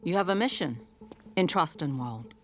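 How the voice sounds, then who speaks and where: A stern, calm mentor from an animated series, speaking matter-of-factly. Her voice is strikingly deep. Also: moderate pace.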